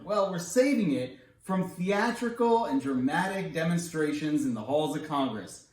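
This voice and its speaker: A man's voice: fairly high pitch, animated, normal speed, few pauses, a little mellow. Wry man with a raised voice in an echoey room. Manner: playful, wry, emphatic. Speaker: congressional candidate. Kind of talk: scripted policy explainer with jokes.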